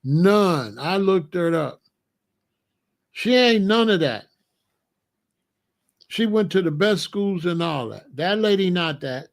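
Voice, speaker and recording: Blunt, high-voiced man ranting to viewers. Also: expressive, takes it slowly, creaky, pauses often. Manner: blunt, emphatic, talks straight to viewers. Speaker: commentator. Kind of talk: casual political commentary.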